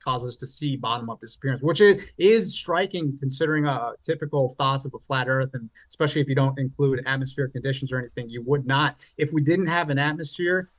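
A man arguing his side in an online debate, halting and often restarting his words. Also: mid-range voice, no room sound. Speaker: flat earth debater.

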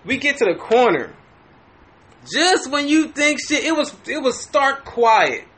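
A man on a podcast casually telling a story, animated and profane, with frequent restarts. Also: very high voice, measured pace. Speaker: podcast host.

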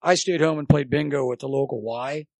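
A gravelly, slightly high-voiced older man tells long, animated stories in a casual chat. His voice sounds dry and close, with no room around it, as he acts out both sides of each exchange. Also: fairly quick, no echo. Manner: animated anecdote teller, acts out quotes. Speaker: podcast guest, former college baseball coach.

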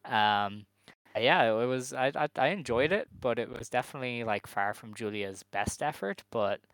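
An easygoing man recapping events in relaxed podcast chat. His voice sits at a middle pitch, and the sound is close and dry. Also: moderate pace, no room sound. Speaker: podcast co-host. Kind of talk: casual wrestling review chat.

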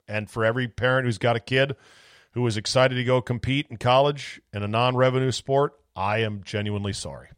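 A man's voice: medium pitch, dry recording, clean studio sound. A man hosting a solo sports talk podcast, ranting bluntly with profanity and sarcasm.

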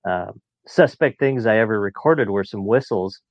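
A man's voice: fairly low pitch, normal speed, dry recording. A man in his late forties, a podcast guest telling stories in a chatty way and laughing as he talks. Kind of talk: casual storytelling. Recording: dull muffled dry sound.

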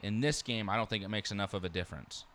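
A man co-hosting a casual sports podcast, talking fast and teasing his partner as he makes his game picks. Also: fairly low pitch, background noise. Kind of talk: casual sports-betting chat.

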